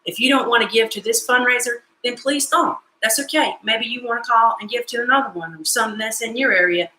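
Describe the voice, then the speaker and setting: A woman's voice: on the high side, a little fast, sharp tone, echoey room, poor audio. A woman hosting a casual live cooking stream from her home kitchen, chatty and joking in a folksy way.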